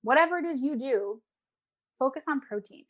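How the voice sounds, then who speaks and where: Her high voice moves at a normal speed as this emotional eating coach, interviewed casually as a guest, gives advice. She's animated and performs her clients' voices.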